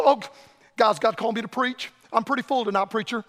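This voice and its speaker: A man in his sixties preaching a revival sermon as a visiting evangelist, fiery, swinging between shouts and low murmurs. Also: a little fast. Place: church sanctuary. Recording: reverberant church hall.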